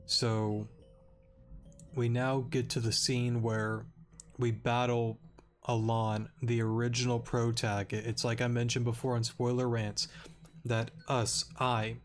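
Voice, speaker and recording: A man's voice: medium pitch, little pitch movement, takes it slowly, soft background music. Rambling male gameplay commentator. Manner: rambling, self-correcting with stammers. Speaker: let's-play commentator. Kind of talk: casual game story recap.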